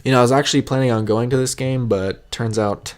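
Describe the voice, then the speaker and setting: An excitable young man talking alone through his game picks in a loose, rambling way. He corrects himself mid-sentence and suddenly jumps high in pitch when something surprises him, with an ordinary, middle-pitched voice otherwise. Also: brisk. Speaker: sports vlogger making game predictions. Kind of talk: casual solo prediction video.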